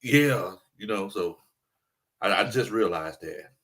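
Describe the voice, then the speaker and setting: Animated laid-back sports host, man. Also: fairly low pitch, slow pace, breathy edge. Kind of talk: casual sports talk.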